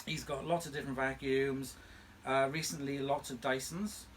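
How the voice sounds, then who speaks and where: A man's voice: mid-range voice, fairly even intonation, moderate pace, a little hiss or hum. A man hosting a vacuum restoration channel, chatting casually from home in a playful, teasing way. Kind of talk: casual chat. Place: home room.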